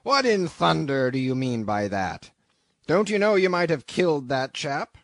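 A man's voice: fairly high pitch, big pitch swings, unhurried, fairly bright tone, no echo, studio quality, voice pushed up, full character voice. A man voicing a gaunt, blustering sea captain who roars threats. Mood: indignant. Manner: roaring, threatening.

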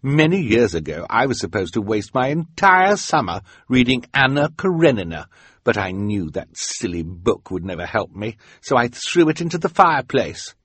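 A haughty, villainous woman speaks with a nasty, mocking edge, as a male storybook narrator puts her on. Her voice sits well above his own and keeps a husky grain. It sounds close and dry, with no room around it. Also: mid-range voice, very animated, unhurried, no room sound, voice pushed up. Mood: sneering.

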